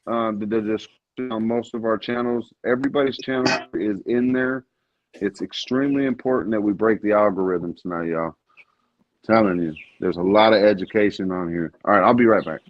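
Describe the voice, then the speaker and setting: A man's voice: on the low side, fairly quick. A man hosting a casual livestream chat, joking around and laughing through easy banter over a video call. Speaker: livestream host. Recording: dull lo-fi sound with faint hiss.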